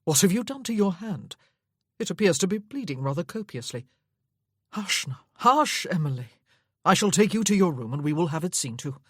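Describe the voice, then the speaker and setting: A woman voicing a soft-spoken tender nobleman. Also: medium pitch, sing-song, brisk, slightly rough, no echo, studio quality, pitched above the performer's own voice. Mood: urgent. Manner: soft, hushing, gentle. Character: tender young nobleman, low and soothing. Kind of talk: audiobook character voice.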